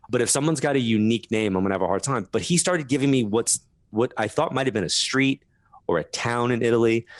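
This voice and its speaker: A man telling stories as a guest on a radio interview, laughing through them and dropping in quick asides. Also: mid-range voice, no room sound. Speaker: guest medium. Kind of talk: animated storytelling interview.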